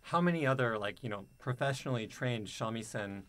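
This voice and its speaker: A man guests on a relaxed live stream. He speaks thoughtfully and hedges often as he explains things. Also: medium pitch, a little fast. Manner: thoughtful, hedging with "like, you know". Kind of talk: casual live-stream chat.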